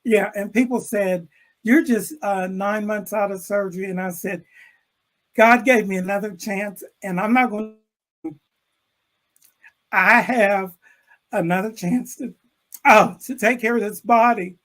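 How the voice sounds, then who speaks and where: An older man, an educator, telling a classroom story with animated delivery and acting out the characters' lines over a video call. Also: sits high, measured pace, pauses often, rough recording. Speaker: interview guest, educator. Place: room with bookshelves.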